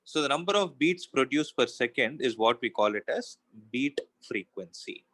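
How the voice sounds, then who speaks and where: A man's voice: medium pitch, expressive, normal speed, a bit bright, rough recording. A man teaching a physics class, explaining step by step and asking himself questions as he goes. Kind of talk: classroom lecture.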